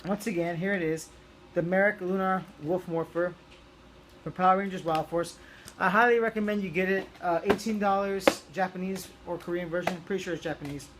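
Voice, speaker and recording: A man's voice: high-pitched, steady tone, a little fast, noisy background. A young man chatting casually through a toy review, rambling with lots of ums and restarts.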